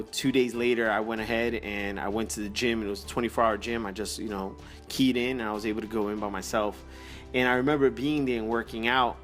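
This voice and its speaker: A man sharing a personal faith testimony in a mid-pitched voice. He talks haltingly with plenty of fillers, then builds into a fervent exhortation. Faint music plays softly behind him. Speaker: motivational speaker.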